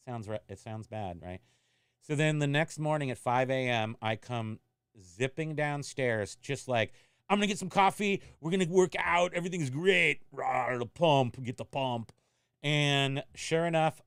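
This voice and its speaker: A man hosts a casual livestream about reselling, drifting into long, self-mocking stories. His voice is smooth and clear at a middle pitch. The sound is dry and close, with no room around it. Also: no room sound. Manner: rambling, self-mocking storyteller. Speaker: eBay reseller hosting a livestream.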